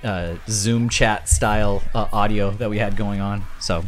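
A man co-hosting a podcast in casual chat, excitable, swearing often and laughing a lot. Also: lowish voice, unhurried. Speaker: podcast co-host.

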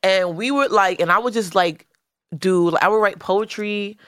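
A woman chats in a loose, slangy way, full of "like" and restarts, swearing freely. Her voice sits at a middling pitch. The sound is dry and close, with no room around it. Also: moderate pace, fairly bright tone, clean tone, dry recording. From the Bronx, New York. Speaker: rapper, guest. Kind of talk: casual interview chat.

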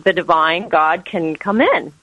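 A woman's voice: on the low side, lively intonation, measured pace, no echo, lo-fi sound. A woman yoga teacher, a guest in an interview, talking about spirituality in an earnest, flowing way. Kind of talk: interview answers.

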